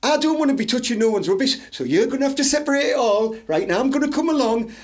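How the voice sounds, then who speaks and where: A man's voice: extremely high pitch, animated, fast talker. A man with a Teesside accent co-hosting a podcast, rambling through mock-serious crude stories. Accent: Teesside English. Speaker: podcast co-host. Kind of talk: crude casual banter.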